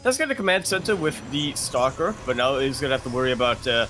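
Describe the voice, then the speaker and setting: A man casting a live video game match with dry wit and brisk analytical play calls. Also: mid-range voice, sing-song, bright, forceful tone, a little hiss or hum. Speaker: esports caster.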